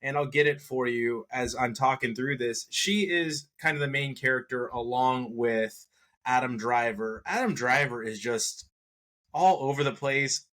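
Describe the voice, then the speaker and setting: Bright-voiced man rambling through a movie review. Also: mid-range voice, measured pace. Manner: rambling, animated, with self-corrections and laughs. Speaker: podcast co-host. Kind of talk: casual movie review chat.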